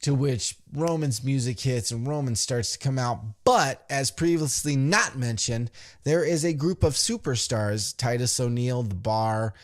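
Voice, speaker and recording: A man hosting a podcast, recapping a wrestling show with animated, profane storytelling and acted-out quotes. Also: medium pitch, unhurried. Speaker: podcast host.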